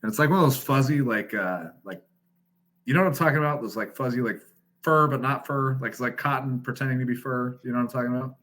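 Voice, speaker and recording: Talking fast in a mid-range voice, this thirty-something podcast guest rattles off a casual story. He's lively and profane, laughing throughout.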